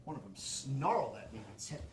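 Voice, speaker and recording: A man telling jokes on a community theater stage, animated and acting out each line. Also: medium pitch, brisk. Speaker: joke teller. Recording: echoey theater with faint noise.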